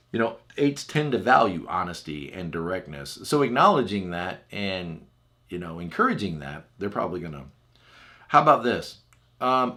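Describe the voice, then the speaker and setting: A man's voice: low-pitched, normal speed. A man teaching as a personal growth coach in a chatty, conversational way, often checking in with the listener. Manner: chatty, asks the listener "right?"; acts out example phrases in lively voices. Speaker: relationship coach.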